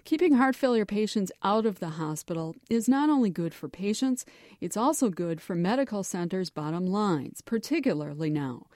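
Woman, radio news reporter, mellow tone, dry sound, measured narration. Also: mid-range voice, lively intonation, no echo. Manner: measured, explanatory.

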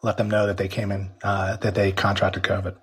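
A man's voice: low-pitched, little pitch movement, brisk, husky. A man interviewed as a company executive, explaining at length with frequent restarts while losing his voice. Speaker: company executive interviewed about a workplace app. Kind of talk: remote news interview.

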